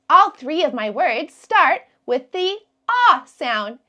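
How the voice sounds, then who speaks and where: A woman who teaches kindergarten, giving a slow, encouraging phonics lesson to young children and drawing out each letter sound. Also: sits high, big pitch swings, pushed and bright, highs cut off.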